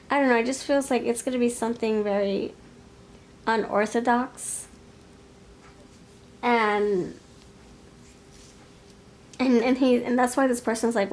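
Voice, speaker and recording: A woman's voice: on the high side, fairly even intonation, slow pace, pauses often, a little mellow, slight background noise. Musing woman giving a tarot reading. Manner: musing, hesitant, laughs often. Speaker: tarot reader. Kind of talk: pick-a-card tarot reading.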